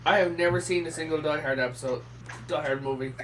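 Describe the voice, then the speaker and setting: An Irish man on a casual chat panel, teasing and quick to laugh. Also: a little high, a bit bright, slight background noise. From Ireland.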